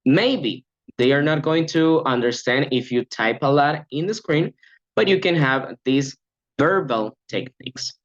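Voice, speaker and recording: A man's voice: fairly high pitch, a little slow, muffled recording. A man training language coaches in an upbeat lecture, acting out short classroom examples.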